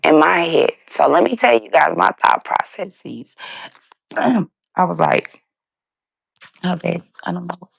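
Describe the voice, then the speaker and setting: Woman host, about forty, with a very gravelly voice, telling a raw personal story to her listeners in a casual, heartfelt way. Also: lowish voice, expressive, takes it slowly, no echo. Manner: casual, emotional, speaks straight to listeners with "y'all" and "you guys". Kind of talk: candid personal storytelling to a live audience.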